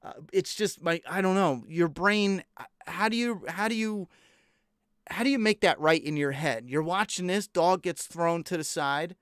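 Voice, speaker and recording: In a dry, studio-quality recording, a young TV reviewer tears into an episode with a disbelieving, exasperated rant full of profanity. He speaks at a moderate pace in a high-pitched, slightly bright, smooth voice.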